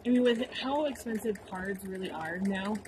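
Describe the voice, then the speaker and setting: A woman's voice: medium pitch, moderate pace, background noise. A woman hosting a shop livestream, chatting casually and playfully as she demonstrates machine embroidery. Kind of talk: livestream product demo chat. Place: sewing shop studio.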